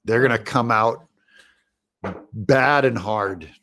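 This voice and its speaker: A man's voice: mid-range voice, slow, pushed and bright. Chatty man explaining backer rewards. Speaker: guest, comic book creator. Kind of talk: casual livestream chat.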